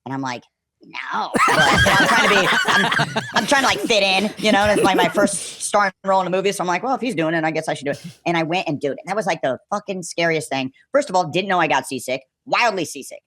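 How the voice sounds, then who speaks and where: A man telling a story as a podcast guest in a casual, animated way, filling his speech with "like" and acting out what people said. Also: high-pitched, fast, dry recording. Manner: animated, full of "like" and acted-out quotes.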